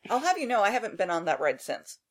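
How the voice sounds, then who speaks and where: A woman's voice: mid-range voice, sing-song, quick pace. Dry-humored woman on a podcast. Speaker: podcast guest, host's younger sister. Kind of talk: casual chat.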